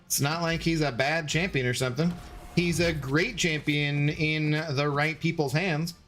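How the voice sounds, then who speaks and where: A man's voice: on the high side, fairly even intonation, unhurried, a bit bright, faint music behind. A man streaming a game, rambling casually and answering viewers' chat messages as he plays. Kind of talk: casual live-stream chat while gaming.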